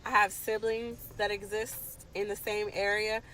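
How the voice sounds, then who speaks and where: A woman's voice: medium pitch, flat delivery, measured pace, bright, forceful tone, low-quality recording. Impassioned young woman telling her story. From Washington DC area. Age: late 20s. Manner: emphatic, impassioned retelling. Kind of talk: candid storytime to camera.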